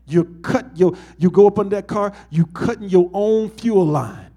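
A man's voice: sits high, measured pace, dark tone. A man, a pastor, preaching a sermon to his congregation and asking them call-and-response questions.

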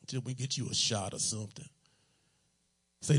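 A man's voice: on the low side, steady tone, normal speed, long pauses, a bit bright, slightly rough. A man preaching a sermon in a loose, conversational, joking way, full of everyday slang.

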